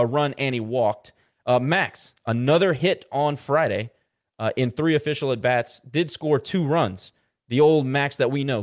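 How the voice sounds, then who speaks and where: Casual man reading off baseball stats. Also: medium pitch. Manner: rattles off baseball stats with filler "uh"s. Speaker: podcast co-host. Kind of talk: casual sports podcast chat.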